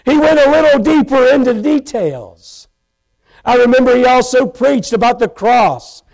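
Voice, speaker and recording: Over a live stream from a church pulpit, a preacher gives a passionate sermon testimony in a high, gravelly voice. He swings into shouts and then slows down for emphasis. The audio is poor.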